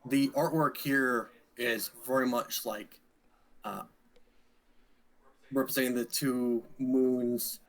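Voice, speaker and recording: A man narrating a tabletop role-playing game as dungeon master, describing scenes slowly with frequent fillers. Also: medium pitch, low-quality recording. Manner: slow, relaxed narration with fillers.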